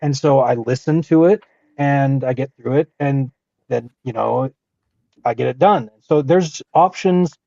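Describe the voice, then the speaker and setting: Gravelly man on a lo-fi podcast. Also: mid-range voice, warm tone, no room sound. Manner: halting, restarts, opinionated. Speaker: podcast co-host. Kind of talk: casual podcast discussion.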